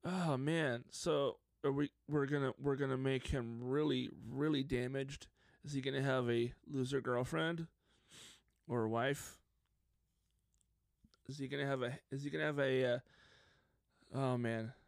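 A man hosting a casual solo podcast, telling stories in an excitable, openly emotional way. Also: medium pitch, unhurried, vocal fry, long pauses, no room sound. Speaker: podcast host.

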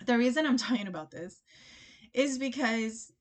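A young woman with a slightly high voice hosts her own podcast, recounting a personal story into a desk microphone. She chats casually and animatedly, piling on fillers and quoted dialogue. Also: animated, normal speed. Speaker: podcast host.

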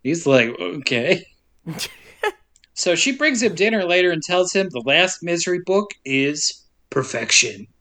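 A man with a bright, slightly high voice tells a movie story for a podcast. He acts out the characters' lines with playful, swearing humor. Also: big pitch swings, measured pace. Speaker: podcast co-host. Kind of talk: casual movie recap chat.

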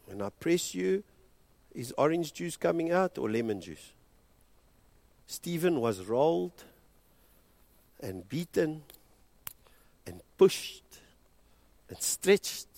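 A South African man preaching a sermon as pastor, impassioned and moving between hushed and loud delivery, switching between English and Afrikaans. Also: fairly high pitch, very animated, takes it slowly, gravelly, pauses often, no room sound.

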